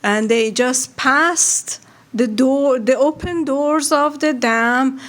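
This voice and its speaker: A woman tells a folk tale aloud for a radio audience in a slow, unhurried way. Her voice sits a little high, and she pauses and restarts often as she searches for words. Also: a bit bright. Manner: slow, halting telling with many restarts. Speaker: storyteller.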